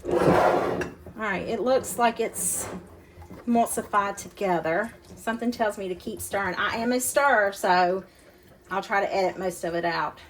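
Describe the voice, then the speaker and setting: A cooking channel host talks directly to her audience in a chatty, folksy manner while demonstrating a recipe in her home kitchen. Her medium-pitched voice is unhurried, and background noise of clattering dishes and utensils runs throughout.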